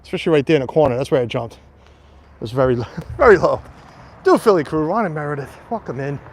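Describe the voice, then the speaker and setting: Outdoors on a quiet street and the grounds of a mansion, a man talks to his live-stream audience as he walks, filmed on a tripod-mounted phone or camera. He speaks quickly and animatedly in a slightly high voice.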